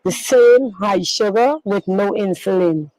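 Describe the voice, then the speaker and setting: A middle-aged woman talks through a painful family story in an interview. Her telling is halting and rambling, with repeated phrases, restarts and loose grammar. Her voice sits at an ordinary middle pitch. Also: mellow, dry recording, poor audio. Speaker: grieving mother interviewed. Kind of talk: emotional personal recounting in an interview.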